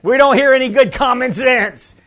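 A man preaching a sermon to a congregation, lively and humorous, laughing often and calling out "Amen?" to the room. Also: very high voice, normal speed. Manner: laughs often, restarts phrases.

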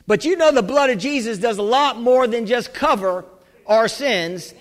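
A pastor preaching a sermon with fervent energy, often rising into shouts and restarting his sentences. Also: very high voice. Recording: church hall with long reverb.

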